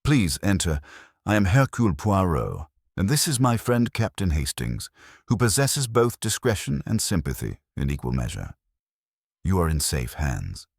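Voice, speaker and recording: A man voicing a fussy, precise older detective who talks in a pompous, gently reproachful way. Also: deep voice, huge pitch swings, moderate pace, gravelly, no echo, clean studio sound, pitched above the performer's own voice, heavily acted. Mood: reassuring.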